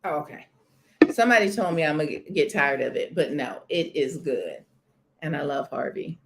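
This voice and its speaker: Chatty woman host with a lively voice. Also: deep voice, moderate pace, slight background noise. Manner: chatty, emphatic, repeats herself. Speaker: channel host. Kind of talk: casual live-stream chat.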